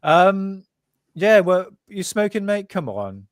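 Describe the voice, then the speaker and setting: A man's voice: high voice, very animated, slow pace, no echo. New male co-host, laid-back and chummy, dry close sound. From New Zealand. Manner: laid-back, chummy, says mate a lot. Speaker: podcast co-host. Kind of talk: casual podcast chat.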